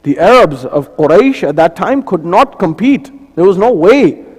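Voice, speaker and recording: A high-pitched male preacher giving a storytelling sermon, recorded in a reverberant mosque hall. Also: big pitch swings, moderate pace, darkish tone, slightly rough. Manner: storytelling with repeated phrases and lists.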